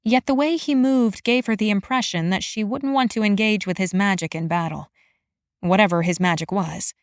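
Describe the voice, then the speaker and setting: A woman narrating a fantasy romance audiobook in an even, measured storytelling manner. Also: medium pitch, no room sound, studio quality.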